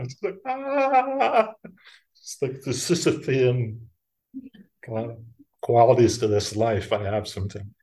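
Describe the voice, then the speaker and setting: A middle-aged man, a monk giving a talk, telling a personal story in a relaxed, self-mocking way, breaking into laughs and acting out the voices of others. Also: mid-range voice. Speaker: Buddhist monk teacher.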